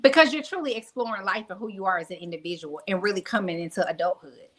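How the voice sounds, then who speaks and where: A woman's voice: mid-range voice, quick pace, a bit bright, poor audio. A young adult woman speaking candidly as a podcast guest, telling reflective personal stories with many fillers. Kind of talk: podcast interview.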